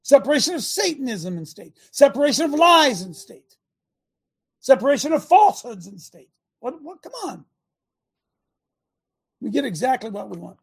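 A man hosting a preaching talk show as a pastor, sarcastic and bursting into shouts. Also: very high voice, big pitch swings, a little fast, vocal fry, slightly rough. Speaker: pastor and radio host.

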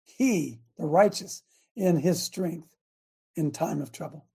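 A man with a dark, gravelly and very raspy voice reads scripture emphatically. He then hosts a call-in show, bringing callers in by name. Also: fairly high pitch, slow pace. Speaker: host. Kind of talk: reading scripture and hosting a call-in.

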